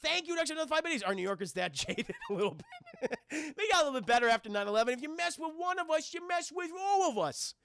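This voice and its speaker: A man talks straight to his stream chat, retelling a movie with animated, rambling energy and plenty of swearing. his voice is bright with a gravelly fry, and the sound is close and dry. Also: very high-pitched, fast, dry recording. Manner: animated, profane, rambling storytelling. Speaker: film reviewer streaming to chat. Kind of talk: casual livestream film recap.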